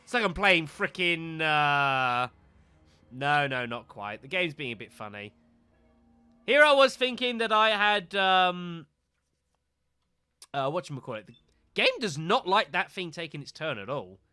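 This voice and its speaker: A man's voice: on the high side, very animated, unhurried, long pauses, sharp tone, clean tone, no room sound. A man streaming a game live, talking to viewers as folks and getting exasperated at missed shots. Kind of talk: live gameplay commentary.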